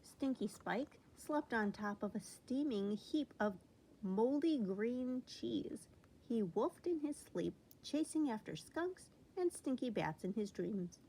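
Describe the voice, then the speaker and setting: A woman reads a children's picture book aloud with unhurried, careful pacing. Her voice sits fairly high and she shapes each sentence expressively for young listeners. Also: slight background noise, rough recording. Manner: slow, expressive reading. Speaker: storybook reader.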